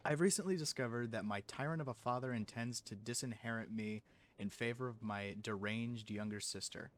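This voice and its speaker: A man's voice: mid-range voice, a little fast, natural voice. A man voicing an estranged young male heir who plots a murder, reading the game's dialogue aloud. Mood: scheming.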